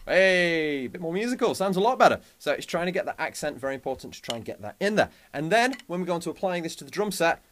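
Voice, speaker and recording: A man's voice: fairly high pitch, slight background noise. A man teaching a drum lesson, upbeat and chatty, counting out sticking patterns aloud. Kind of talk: instructional lesson. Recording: loud drumming behind voice. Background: loud drums.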